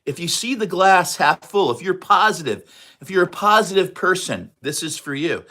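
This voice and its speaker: A man in his sixties with a New York accent, chatting casually and fast on a livestream. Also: sits high, animated, pushed and bright. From New York area, USA. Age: 60s. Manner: fast, chatty, reads out viewer comments. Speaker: livestream host.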